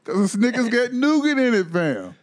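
A man's voice: very high voice, big pitch swings, moderate pace. A man chatting casually as a podcast co-host, playful and teasing, using street slang. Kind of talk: casual chat.

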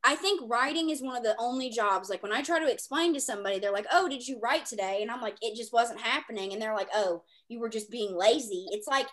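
A woman co-hosting a podcast, chatty and quick to laugh as she asks the questions. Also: on the high side, expressive. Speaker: podcast co-host. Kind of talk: casual podcast chat.

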